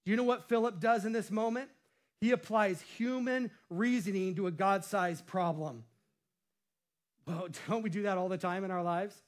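A man's voice: high-pitched, fairly even intonation, moderate pace. A male pastor preaching a sermon with a playful style, cracking jokes and laughing at himself.

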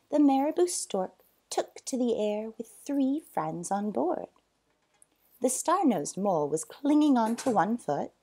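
Woman reading a storybook aloud, slow and lively. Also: a little high, breathy edge. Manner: expressive read-aloud with loud sound effects.

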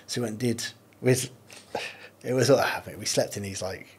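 A man's voice: on the low side, moderate pace, a little mellow, breathy edge. A man, a podcast guest, talking candidly in casual chat with many restarts and storytelling. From United Kingdom.

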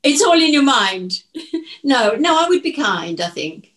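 A woman's voice: high-pitched, very animated, a little slow, fairly bright tone. An older woman with an English accent, chatting on a podcast as co-host, telling stories in a chatty, giggly way. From England. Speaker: co-host, host's mother. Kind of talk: casual podcast chat.

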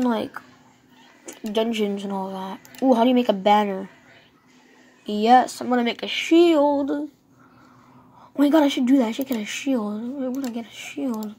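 A woman's voice: fairly high pitch, moderate pace, long pauses, breathy edge. Chatty woman gamer talking to herself. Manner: chatty, excitable, talks to herself. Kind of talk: casual gameplay commentary.

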